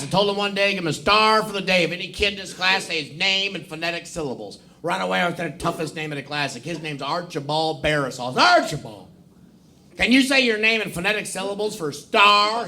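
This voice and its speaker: A man's voice: high-pitched, bright, forceful tone. A man telling bawdy stand-up jokes on a club stage, a drawling storyteller who builds chanting rhythms, recorded live with an audience laughing. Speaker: stand-up comedian.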